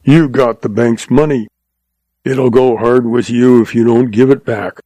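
A man voicing a greedy, suspicious banker who snarls and rasps. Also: mid-range voice, steady tone, measured pace, mellow, no room sound. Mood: snarling. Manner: snarling, rasping.

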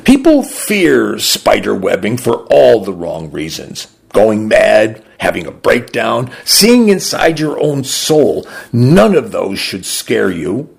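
A man reading a literary short story aloud for a radio program, slow, deliberate and expressive. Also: fairly low pitch, vocal fry, breathy edge.

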